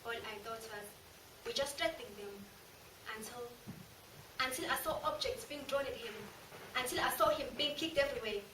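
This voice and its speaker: A guilt-haunted, remorseful woman confesses in an anguished, high voice that drops to a hush and then rises again, as a woman acts her out on stage. The voice sounds far from the mic in an echoey room with plenty of noise around it. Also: moderate pace, long pauses, close to an everyday voice. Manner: anguished, confessional, swinging from hushed to loud. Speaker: drama student. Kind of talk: stage monologue performance.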